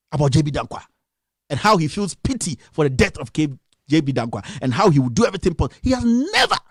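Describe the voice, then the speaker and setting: Fired-up Ghanaian man, animated and dry. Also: on the high side, no echo. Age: young adult. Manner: impassioned, scolding, rhetorical questions. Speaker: radio commentator. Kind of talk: political rant on a live stream.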